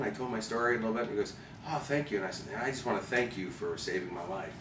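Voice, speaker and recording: A man from Chicago, an interview guest, telling animated anecdotes and acting out the people he quotes. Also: on the low side, racing, few pauses. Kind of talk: storytelling interview. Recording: roomy, distant mic with background noise.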